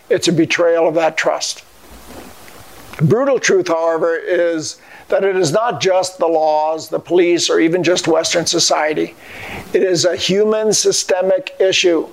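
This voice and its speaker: An older man delivering a scripted devotional message in an earnest, measured way. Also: high voice, vocal fry. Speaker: Christian speaker.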